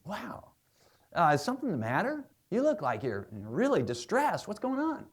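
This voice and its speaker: Friendly neighbor guy, a man doing him, soft and a bit high, concerned. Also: huge pitch swings, normal speed, slightly rough, full character voice. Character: helpful small-town male neighbor.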